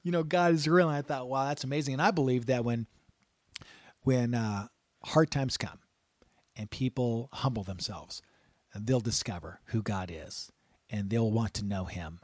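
A man's voice: mid-range voice, measured pace, long pauses, a little mellow, no room sound. A man hosting a Christian radio talk show, telling stories and urging listeners not to fear. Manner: earnest and encouraging, rising to exhortation.

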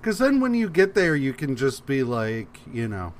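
A man's voice: mid-range voice, wildly swooping pitch, moderate pace, hardly any pauses, slight background noise. A man on a podcast recapping a comic casually, swearing and acting out the characters' lines as he goes. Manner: profane, acts out characters' lines while retelling. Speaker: podcast co-host.

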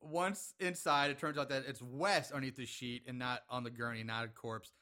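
A man's voice: mid-range voice, steady tone, normal speed, bright, forceful tone. A man casually recapping a horror movie plot with a co-host, laughing often and swearing freely. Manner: laughs often, profane, retells scenes. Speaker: podcast co-host.

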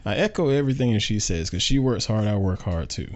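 A man's voice: lowish voice, animated, fast talker, a little mellow, highs cut off. A man co-hosting a casual podcast, joking around in a laid-back, colloquial way. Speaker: podcast co-host. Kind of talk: casual chat.

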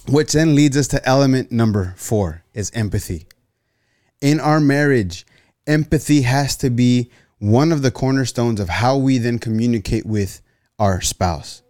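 A man's voice: medium pitch, moderate pace, dry recording, studio quality. A man preaching a sermon on marriage, telling stories and often repeating words as he goes. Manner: repeats words, storytelling, rising animated in anecdotes. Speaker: pastor.

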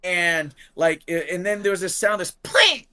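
A man in casual talk show conversation telling a long story, acting out quotes loudly, swearing freely and saying "like" often. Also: high-pitched, moderate pace, very noisy. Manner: animated, acts out quotes in raised voice. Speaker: podcast guest.

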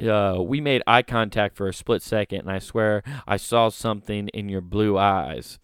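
A man's voice: on the low side, normal speed, clear, resonant tone, no room sound, studio quality. A man hosting a comedy podcast, giving sarcastic, mocking commentary and laughing often.

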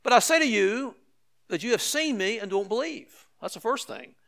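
An older man delivers a sermon in a fairly high voice. He preaches conversationally, repeating key phrases for emphasis and tossing asides to his listeners. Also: lively intonation, normal speed, gravelly, a bit bright. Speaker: pastor.

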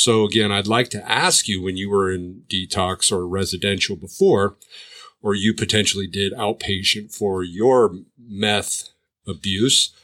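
A man's voice: lowish voice, bright, forceful tone. A man who runs a treatment program, giving a pointed monologue full of sarcastic rhetorical questions. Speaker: addiction treatment provider. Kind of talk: commentary monologue.

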